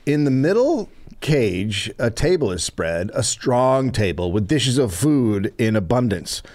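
A man's voice: medium pitch, big pitch swings, measured pace, darkish tone. A man hosting a podcast, reading an old newspaper aloud and breaking off for wry remarks. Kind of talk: reading aloud with comedic asides.

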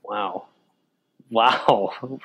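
A man co-hosting a comedy podcast, tossing in quick jokes, silly voices and short reactions. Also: lowish voice, fairly bright tone, husky. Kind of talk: casual comedic banter.

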